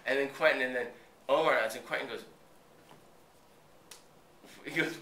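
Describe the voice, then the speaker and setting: A man's voice: fairly high pitch, fairly quick, pauses often, bright, forceful tone, a little hiss or hum. A man from Boston, an actor being interviewed, telling behind-the-scenes stories in a casual, profane way and acting out what others said. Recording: roomy echo, voice from a distance.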